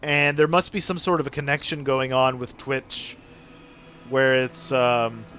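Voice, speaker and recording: A young Canadian man streaming gameplay live, chatting excitedly with viewers and apologizing a lot. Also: mid-range voice, a little slow, slight background noise.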